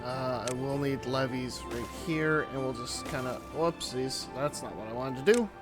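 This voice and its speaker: A man giving casual commentary on his own gameplay, thinking aloud as he builds in a relaxed way. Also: medium pitch, moderate pace, over music. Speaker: gaming YouTuber. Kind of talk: casual let's-play commentary.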